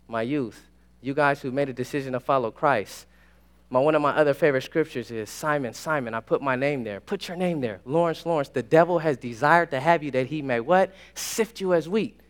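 A young man preaching a sermon, excitable, swinging from hushed asides to shouted exclamations. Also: medium pitch, fairly quick, clean tone.

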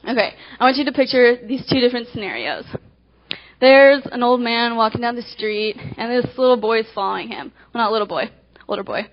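A woman with a high voice delivers a devotional talk, acting out little scenes as she goes. Her storytelling is animated, rushing ahead and then slowing for emphasis. The sound is dull and lo-fi. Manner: animated storytelling, swinging between quick and slow emphasis. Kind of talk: devotional talk with acted illustrations. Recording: dull lo-fi recording.

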